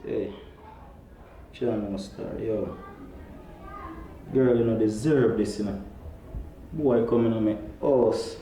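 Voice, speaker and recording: A man's voice: fairly low pitch, slow pace, long pauses, slight background noise. An actor with a Jamaican accent playing a jealous man ordering his girlfriend out of his house. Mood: brooding. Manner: ordering, shouting commands. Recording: echoey room, mic far off.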